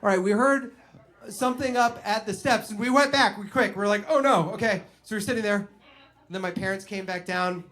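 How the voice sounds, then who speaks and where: A young man doing stand-up, telling a story in an animated way and acting out the voices of other people. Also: high-pitched, normal speed. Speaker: stand-up comedian.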